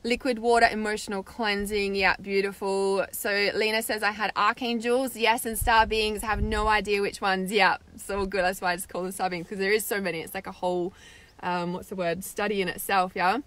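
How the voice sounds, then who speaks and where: A woman's voice: mid-range voice, flat delivery, fairly quick, fairly bright tone. A young woman, hosting a spiritual livestream and chatting casually as she reads viewer comments, with lots of "like" and "right?". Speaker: spiritual meditation host reading live comments.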